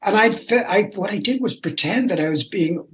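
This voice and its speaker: Older man, animated storyteller, casual guest chat. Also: high voice, normal speed, slight background noise, low-quality recording. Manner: animated, laughing storyteller who slips into character voices. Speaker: guest, rock singer and actor.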